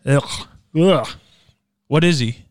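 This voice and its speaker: A man's voice: fairly high pitch, takes it slowly, dry recording, studio quality. A young man teasing and cracking jokes in casual chat as a podcast co-host. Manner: teasing, wisecracking.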